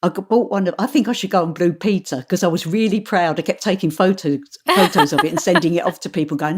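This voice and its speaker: A woman, an audiobook narrator answering interview questions in an animated way, often restarting her sentences. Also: fairly low pitch, fast, hardly any pauses, slightly rough. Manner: animated, stumbles and restarts while telling stories.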